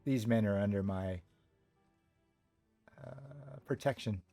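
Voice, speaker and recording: A man's voice: on the low side, slow pace, vocal fry, mellow, soft background music. A man voicing a stern, protective river-boat captain in a tabletop game, speaking in clipped, broken grammar. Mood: firm.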